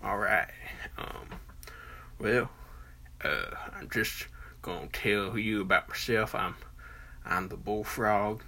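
A Southern US man in his forties hosts a podcast, talking slowly in a lowish voice with vocal fry and long pauses, yet his tone is bright and forceful. His casual, rambling monologue is full of fillers, restarts and folksy country talk.

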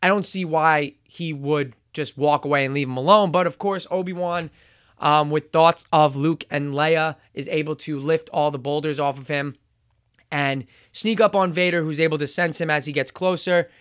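A man giving a casual spoken review, retelling scenes in a chatty way with fillers and quick self-corrections. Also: on the high side, fairly even intonation, fairly bright tone, clean tone, no echo, clean studio sound. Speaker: show reviewer.

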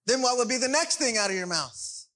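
A man's voice: very high voice, lively intonation, fairly quick, sharp tone, poor audio. A man preaching a sermon in a conversational way, often checking in with his congregation. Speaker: pastor.

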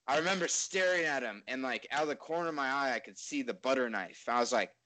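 A man's voice: medium pitch, fast, pushed and bright, poor audio. A man in casual storytelling chat, rambling and laid-back, swearing and laughing at himself.

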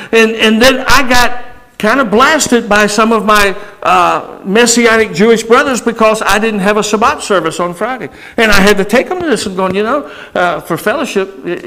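High gravelly preaching man. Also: rough recording. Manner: preaching with sudden shouts and slow emphatic stretches. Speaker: pastor. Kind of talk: sermon.

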